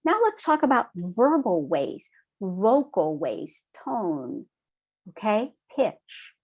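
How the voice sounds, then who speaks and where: A middle-aged woman teaching a training session in a calm, measured way, often checking in with "right?". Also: medium pitch, slightly rough. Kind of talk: recorded online training lecture.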